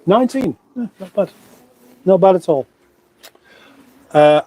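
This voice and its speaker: A man's voice: high voice, lively intonation, unhurried, pauses often, dark tone, rough recording. A middle-aged man from England hosting a casual livestream, rambling on and reading viewer comments aloud. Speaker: livestream host. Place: home room, indoors.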